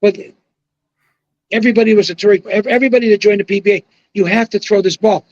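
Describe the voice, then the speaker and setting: A man with a high voice works his way through his views in a podcast chat, pausing on fillers and starting over. The sound is dry and a little dull, with no room in it. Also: fairly even intonation, dry recording. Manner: rambling, hesitant opinions with fillers. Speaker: retired bowling pro guest.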